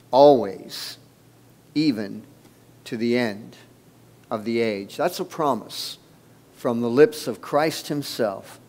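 A male pastor preaching a sermon in a church, slow and deliberate with emphatic pauses. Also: medium pitch. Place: church sanctuary.

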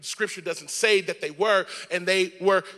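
A man pastor preaching a dramatic sermon in a church, building to shouts. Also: high voice, steady tone, a little slow, long reverb tail.

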